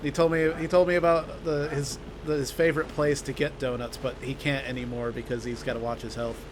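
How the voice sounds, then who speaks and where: A man's voice: medium pitch, flat delivery, a little fast, noisy background. A young man co-hosting a game stream, talking in a laid-back, rambling way with chuckles. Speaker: streamer and co-host. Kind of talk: casual chat.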